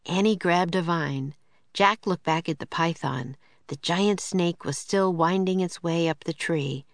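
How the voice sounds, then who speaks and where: A woman narrating a children's audiobook in a slow, clear storytelling manner, close to the mic. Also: on the low side, dry recording.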